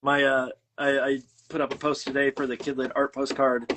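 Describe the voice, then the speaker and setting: A man's voice: medium pitch, flat delivery, moderate pace, a bit bright, a little hiss or hum. A middle-aged man hosting a casual chat while making art, talking in a rambling, self-deprecating way with lots of fillers and restarts. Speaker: host.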